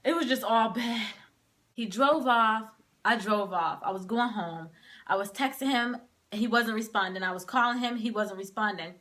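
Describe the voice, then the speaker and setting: A young woman with a bright, fairly high voice tells a personal story straight to camera. She talks casually, drops "like" throughout, and gets caught up in what she is reliving. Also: normal speed. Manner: casual, heavy use of "like", emotional retelling.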